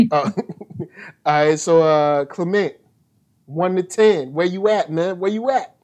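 Guy with a high voice hosting a movie chat, slangy and joking. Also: slow pace, a little mellow. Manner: laid-back, slangy, joking. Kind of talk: casual movie review chat.

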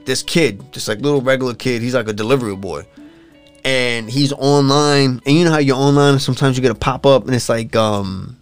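Young man, casual profane storyteller, mid pitch, faint background music. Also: brisk, smooth. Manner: loose, profane storytelling full of fillers. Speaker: friend retelling a show. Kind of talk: casual chat.

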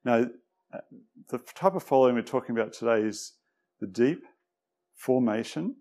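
Relaxed preacher, quiet at times. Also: male voice, mid-range voice. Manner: relaxed, hesitant, many fillers; tends to drop quiet. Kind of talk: conversational sermon. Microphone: microphone.

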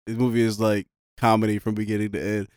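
A man co-hosting a podcast, chatting about a movie in a relaxed, slangy way and laughing often. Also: on the low side, quick pace, clear, resonant tone, no room sound, clean studio sound. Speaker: podcast co-host. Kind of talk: casual movie discussion.

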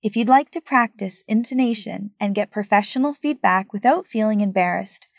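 A woman coaching English learners, giving a scripted, clear, evenly paced lesson narration. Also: mid-range voice, moderate pace, dry recording, clean studio sound.

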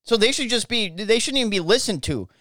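A man's voice: high voice, expressive, fairly quick, pushed and bright, no echo, clean studio sound. Profane, ranting American man. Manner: angry, profane, repeats himself. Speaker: podcast host. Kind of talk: ranting political podcast monologue.

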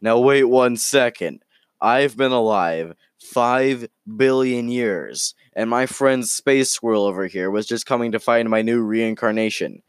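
A man's voice: medium pitch, measured pace, smooth, no room sound, clean studio sound, natural voice. A man voicing an ancient, indignant talking minnow who speaks in a pompous, stammering way.

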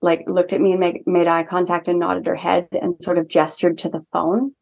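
A woman's voice: lowish voice, little pitch movement, normal speed, gravelly, darkish tone, muffled recording. A young woman telling a personal story as a podcast guest, chatty and earnest, with lots of "like" fillers. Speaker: guest, holistic healing practitioner. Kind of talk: casual storytelling in a podcast interview.

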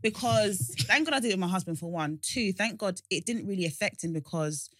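A woman telling a story in casual chat, animated and laughing often. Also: medium pitch, brisk, no echo.

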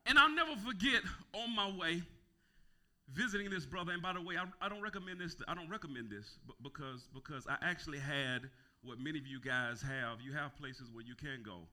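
A male pastor preaching a sermon, calling for responses and repeating phrases as he builds to shouting. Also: a little high, a little fast. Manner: repeats words and restarts phrases.

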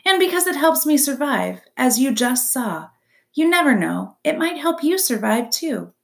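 A woman's voice: high-pitched, big pitch swings, normal speed, creaky, voice pushed up, exaggerated voice. Pinktail, a woman doing a theatrical opossum. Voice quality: bright, gushing, theatrical. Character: chatty theatrical female opossum, dramatic performer. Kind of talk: storybook reading.

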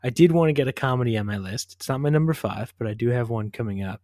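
A man's voice: medium pitch, quick pace, no room sound, clean studio sound. A man co-hosting a casual movie podcast, talking loosely with lots of "like" and "kind of". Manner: relaxed, heavy use of "like" and "kind of". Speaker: podcast co-host.

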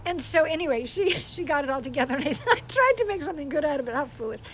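An older woman and grandmother giving a casual teaching talk about praying with children, telling stories in an animated way and laughing often. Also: high voice, fast, slight background noise, low-quality recording. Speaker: Christian speaker.

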